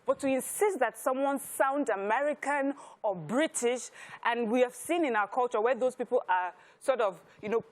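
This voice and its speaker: A woman's voice: fairly high pitch, normal speed. A woman with a Nigerian accent explains her views at length on a studio talk show. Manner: thoughtful, explanatory. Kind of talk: studio panel discussion.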